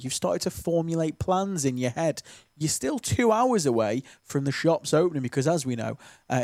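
A man's voice: medium pitch, darkish tone, no echo, studio quality. A man from the presenting a morning local radio show, chatty and jokey, with lots of ums and uhs. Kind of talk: breakfast radio chat. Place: radio studio. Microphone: studio microphone.

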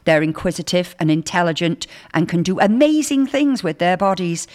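Lively low-voiced woman radio host. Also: moderate pace. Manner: chatty, reads texts aloud with lively emphasis. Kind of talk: casual chat reading listener messages.

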